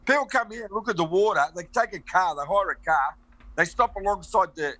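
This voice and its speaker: A man's voice: high-pitched, brisk, fairly bright tone, no echo. A man with an Australian accent, a guest in casual chat, playfully teasing and coaching slang.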